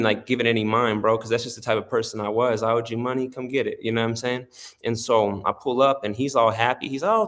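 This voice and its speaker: A man telling his faith testimony in a casual interview, animated, often laughing and acting out the voices of people in his story. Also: medium pitch. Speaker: interview guest.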